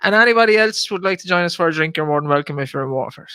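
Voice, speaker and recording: A young Irish man with a bright, smooth voice chats his way through a podcast, filling pauses with "uh" and ribbing his co-hosts. He sits a touch above the usual male pitch, and the sound is dry and close. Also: lively intonation, dry recording. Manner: chatty, teasing, swears casually, lots of filler "uh". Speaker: podcast host. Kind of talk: casual chat.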